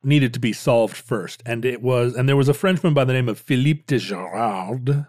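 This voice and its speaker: A man's voice: medium pitch, normal speed, darkish tone, no room sound, clean studio sound. A man co-hosting a casual history chat, rambling with many restarts and playful jokes. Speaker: podcast co-host.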